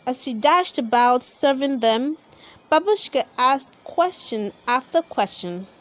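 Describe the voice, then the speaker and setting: A woman reading a children's storybook aloud in an expressive storytelling manner. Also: sits high, unhurried. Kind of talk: read-aloud storybook narration.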